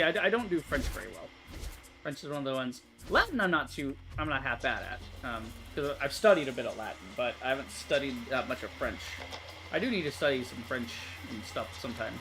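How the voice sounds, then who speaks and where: A young man hosting a gaming channel, chatting casually through a game demo in a rambling way, full of fillers and self-corrections. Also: medium pitch. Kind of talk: casual let's-play commentary.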